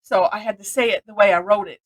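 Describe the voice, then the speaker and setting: A woman's voice: mid-range voice, steady tone, fast, low-quality recording. A woman from Missouri teaching a live-streamed drawing lesson, chatty and rambling, often laughing between steps.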